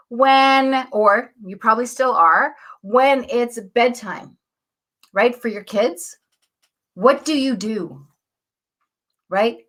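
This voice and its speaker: A woman with a slightly high voice hosts a live morning talk in a chatty, encouraging way. Her voice is husky from the early hour, and she clears her throat now and then. She often checks in with a quick "right?". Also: a bit bright. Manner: upbeat, chatty, greets viewers, asks "right?" often. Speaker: host, coach.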